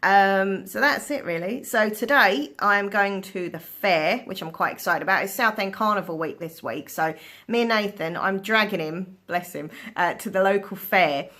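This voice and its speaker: A woman's voice: medium pitch, normal speed, pushed and bright. A woman chatting to her phone camera, telling stories animatedly, laughing often and swearing casually. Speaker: vlogger. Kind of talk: casual storytelling chat.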